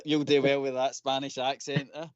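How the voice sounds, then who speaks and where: A man's voice: mid-range voice, little pitch movement, normal speed, no room sound. A Scottish man on a fan phone-in, chatting in broad dialect and getting carried away into impassioned rants. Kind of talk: casual chat. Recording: dry, dull lo-fi audio.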